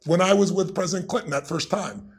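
A middle-aged man, a guest in a conversation, telling stories in an emphatic, animated way with a gravelly, raspy voice. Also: high-pitched, fast talker. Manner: emphatic, swings into loud excited retellings.

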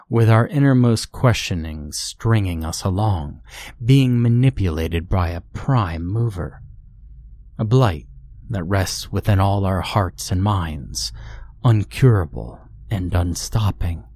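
A man's voice: low-pitched, darkish tone. A man narrating a scripted horror story in a grave, brooding way.

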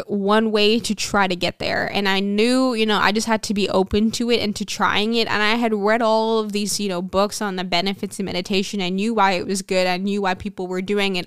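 A young woman talks in a casual, frank podcast ramble, quick with her fillers and asides. Her voice comes through very clear and smooth. The sound is close and dry, with no room around it. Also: mid-range voice, a bit bright, no echo. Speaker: podcast host. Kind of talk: casual personal storytelling.

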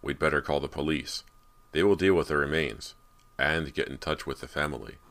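Brief: narrator doing a level-headed dad, very deep voice, reassuring explanations. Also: male voice, steady tone, a little fast, fairly bright tone. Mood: calm. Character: calm, rational middle-aged father.

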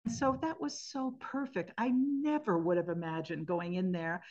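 A woman in her sixties, a podcast guest, telling stories about singing at the end of life in a thoughtful, earnest way with gentle restarts. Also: lowish voice, fairly even intonation, normal speed. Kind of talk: reflective interview storytelling. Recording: slightly muffled podcast audio.

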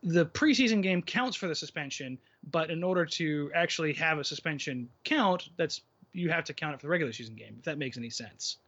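A man's voice: on the high side, expressive, a little fast, hardly any pauses, a bit bright. A man co-hosting a casual basketball podcast, opinionated and rambling, often restarting his sentences. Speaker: podcast co-host. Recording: muffled lo-fi podcast audio.

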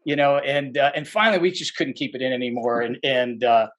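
A man's voice: medium pitch, brisk. A man who is a podcast guest, telling stories in a rambling, casual way with many fillers and restarts, and livening up when he quotes people. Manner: animated when quoting people.

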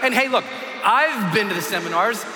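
A man giving a motivational speech on stage, telling a story with animated shouting and bursts of screaming, in an echoey hall. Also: high voice, moderate pace, a little hiss or hum. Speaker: motivational speaker.

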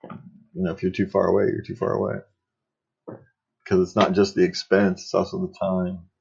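An older man hosting a podcast, chatting casually and rambling a bit, with a husky voice. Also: low voice, completely flat delivery, normal speed, a little mellow, lo-fi sound, slight background noise. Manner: rambling, chuckles often. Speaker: podcast host.

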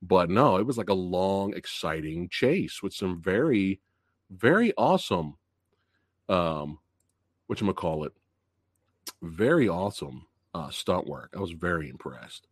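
A movie review show host with a low, husky voice speaks unhurriedly in a studio-quality recording with no echo. On his live stream he's excitable and laughs a lot, using loose, chatty slang while he reads out chat messages and greets viewers.

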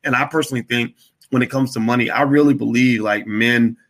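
A man hosting a show, telling a casual, rambling late-night story with lively put-on voices and lots of fillers. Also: medium pitch, fairly quick. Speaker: host.

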